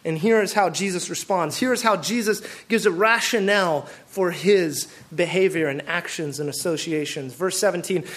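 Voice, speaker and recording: A man with a high voice delivers a lively sermon from the pulpit. He keeps firing rhetorical questions at the congregation and swings between playful emphasis and quieter earnest points. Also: normal speed, hardly any pauses. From Pacific Northwest of the US. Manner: animated, full of rhetorical questions. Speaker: pastor.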